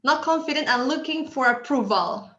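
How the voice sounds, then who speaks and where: Higher female instructor, Spanish native speaking English, roomy lo-fi video call. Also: expressive, moderate pace, bright, forceful tone. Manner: encouraging, asks the group questions. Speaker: workshop instructor. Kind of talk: online workshop teaching. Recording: echoey room, dull lo-fi audio.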